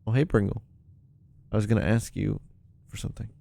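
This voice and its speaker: A man's voice: on the low side, steady tone, brisk, creaky, dark tone. A man livestreaming a puzzle game, chatting casually and rambling with lots of ums and frequent laughs. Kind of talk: casual live-stream chat.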